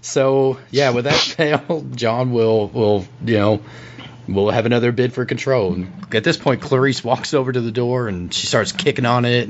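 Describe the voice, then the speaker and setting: A man's voice: mid-range voice, unhurried, slight background noise. A young man narrating a tabletop role-play game as game master, often stammering and laughing. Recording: dull lo-fi recording.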